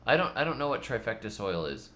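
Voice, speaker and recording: A man's voice: medium pitch, sing-song, fast talker, a bit bright. A middle-aged man hosting a gardening channel, chatting loosely in a rambling, self-mocking way and often repeating his words. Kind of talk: casual rambling vlog chat.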